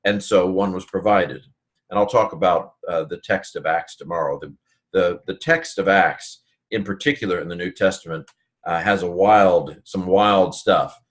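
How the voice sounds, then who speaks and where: A man's voice: low-pitched, moderate pace. A man teaching a casual Greek grammar lesson on a Bible passage, talking loosely with many fillers and restarts.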